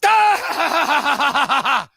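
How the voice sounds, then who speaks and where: A man's voice: extremely high pitch, very animated, extremely slow, creaky, sharp tone. A man in a heated live-stream argument, talking back in a defiant, goading, brash way.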